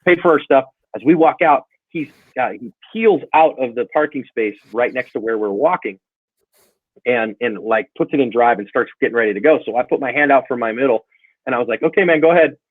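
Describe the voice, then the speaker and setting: This middle-aged self-defense channel guest has a husky, medium-pitched voice and talks fairly quickly. In a casual interview he tells animated stories, acting out the conversations in them, over a dry, tinny, phone-like line with no room sound.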